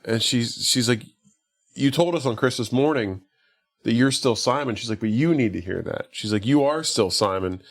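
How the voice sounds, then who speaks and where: A man's voice: mid-range voice, moderate pace. Casual rambling male podcast host. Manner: rambling, lots of "like", acts out quotes. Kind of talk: casual movie recap chat.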